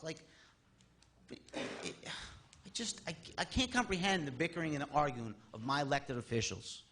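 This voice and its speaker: A man's voice: fairly high pitch, normal speed, a bit bright, a little hiss or hum. Exasperated man in his thirties. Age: 30s. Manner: rambling, exasperated, with restarts and rising emphasis. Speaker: resident speaking at public comment. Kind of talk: public comment at a town meeting. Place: town board meeting room.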